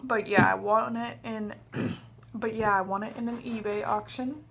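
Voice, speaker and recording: A woman's voice: on the high side, fairly even intonation, moderate pace, gravelly, a bit bright. A young woman chatting casually while unboxing a collectible figure at home, joking and wandering into rambling asides. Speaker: vlogger.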